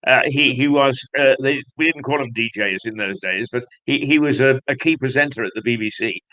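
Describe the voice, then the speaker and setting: A male host of a magazine show, interviewing a guest in a jovial, halting way. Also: mid-range voice, bright, forceful tone, poor audio. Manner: hesitant, many fillers and restarts, jovial.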